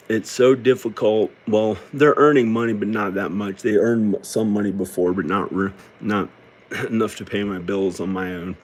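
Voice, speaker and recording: Downcast middle-aged man, slightly low voice. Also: a little hiss or hum. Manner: downcast, halting and rambling. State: tearful. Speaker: video creator. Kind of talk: personal confessional monologue.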